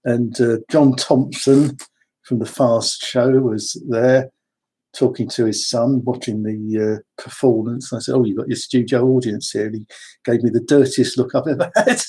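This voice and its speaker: Mellow husky man reminiscing. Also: medium pitch, steady tone, a little slow. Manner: rambling, chuckling, wry asides. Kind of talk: casual personal storytelling.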